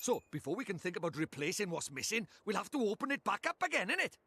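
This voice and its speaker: An actor voicing a cheeky little fairy sidekick with a Welsh accent, who talks in a chatty, folksy way. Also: male voice, high voice, big pitch swings, fast talker, sharp tone, slightly rough, no echo, heavily acted.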